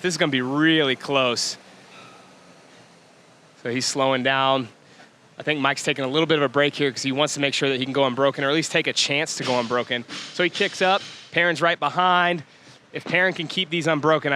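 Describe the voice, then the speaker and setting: Bright-voiced man doing gym commentary. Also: fairly high pitch, slight background noise. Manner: energetic, chatty, laughs often. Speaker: workout commentator. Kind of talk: live workout commentary.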